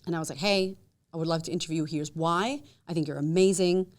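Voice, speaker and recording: A woman talking as a guest in a casual podcast conversation. She tells her stories with energy, acts out what people said by jumping up in pitch, laughs often, and swears casually. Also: fast. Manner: animated storyteller who acts out quotes with big jumps up in pitch.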